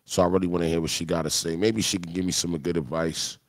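Gravelly man hosting a crude live review. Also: low-pitched, flat delivery, quick pace, no room sound. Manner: crude, mocking, joking banter. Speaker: host. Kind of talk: live-streamed music review chat.

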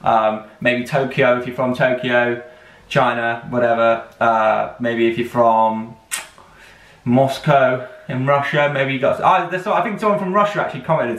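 A man's voice: mid-range voice, unhurried, fairly bright tone. Young man, reaction vlog host, slangy, rambling, upbeat, echoey room. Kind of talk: casual reaction vlog chat. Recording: roomy, distant mic.

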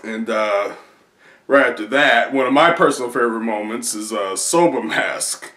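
A man chatting casually as a video creator, rambling excitedly through a recap with many fillers. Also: mid-range voice, moderate pace. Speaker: video creator reacting to comics. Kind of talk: casual chat. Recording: roomy echo.

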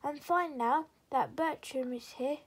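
A woman's voice: high voice, a little slow. A woman doing a joyful welcoming fairy girl.

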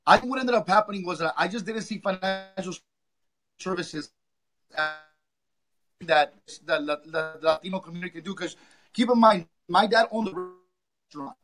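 Halting high-voiced male guest, music behind. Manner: halting, searching for words. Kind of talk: interview answer.

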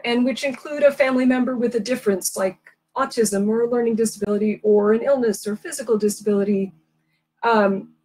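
A woman hosting a library Q&A over a video call, asking questions in a measured, polite way with some fillers. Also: a little high, darkish tone, low-quality recording. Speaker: library event host. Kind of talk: casual Q&A interview.

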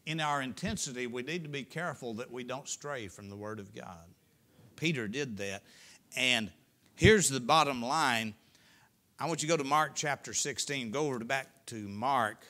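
A middle-aged man in the pulpit delivering a sermon in a homespun, storytelling style. His voice is bright and forward, and he moves from booming emphasis to near-whispered confession. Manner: folksy, storytelling preacher with dramatic swings from loud to hushed. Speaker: pastor. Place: church sanctuary.

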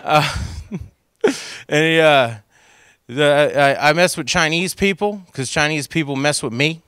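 A man performing stand-up into a handheld microphone, rambling and poking fun at himself between bits. His voice is bright and crisp, and the sound stays dry and close. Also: fairly high pitch, a little slow, dry recording. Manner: rambling, self-deprecating asides to the crowd. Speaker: stand-up comedian. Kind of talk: stand-up comedy routine. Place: comedy stage for a cable access show.

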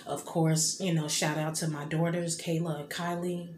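A woman's voice: low-pitched, little pitch movement, normal speed, darkish tone. A woman in her thirties talking casually and tearfully to her viewers, rambling with many fillers. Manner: rambling, many fillers and "you know what I mean". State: tearful, emotional. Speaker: vlogger. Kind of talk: casual heartfelt vlog talk. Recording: echoey room with background noise.

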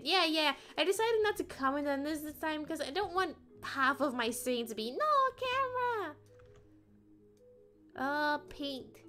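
A woman's voice: high-pitched, fairly bright tone. A woman streamer chatting playfully and rambling as she plays, often singing little ditties to herself. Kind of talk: casual gameplay chat.

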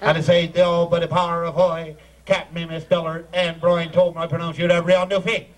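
A man's voice: a little high, little pitch movement, fairly quick. A man leading a joking ceremony, teasing and laughing as he calls people up. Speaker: ceremony master. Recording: noisy crowd, distant amateur video.

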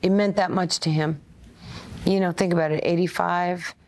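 Speaking at a normal speed with fairly even intonation and a voice on the low side, this woman in her 60s from Brooklyn, New York shares stories as an interview guest. A former player and coach, she imitates the voices of those she quotes.

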